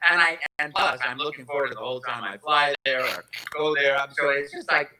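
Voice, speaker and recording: A man with a very bright, slightly raised voice gushes through his answers as a guest on a live-streamed convention Q&A. He tells rambling stories full of restarts. He talks into a phone propped up at home. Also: a little high, a little fast, poor audio. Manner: effusive, enthusiastic storytelling with rambling restarts. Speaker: voice actor guest.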